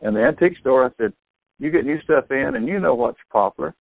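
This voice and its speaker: An older man, a store owner telling sales stories excitedly over a tinny phone line, acting out what people said. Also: mid-range voice, fast, vocal fry, no room sound. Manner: excitable storyteller, acts out quotes. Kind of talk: phone conversation.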